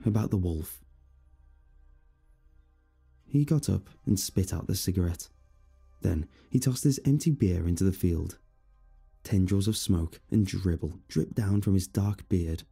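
A man narrating a first-person horror story in a steady, somber manner. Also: low voice, measured pace, gravelly, breathy edge, soft background music.

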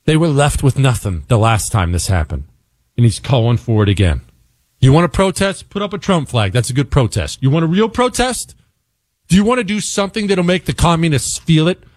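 A man's voice: on the high side, big pitch swings, a little fast, dry recording, studio quality. A man hosting a talk radio show, giving an angry, emphatic political monologue and repeating words for stress.

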